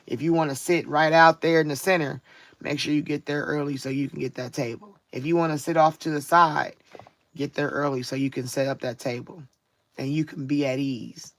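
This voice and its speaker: A woman's voice: deep voice, fairly even intonation, dry recording. A woman giving a live-streamed spiritual card reading in a reflective way, drawing out her key words and often checking in with her listeners. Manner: reflective, drawn-out emphasis, frequent "you know what I'm saying". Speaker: tarot card reader.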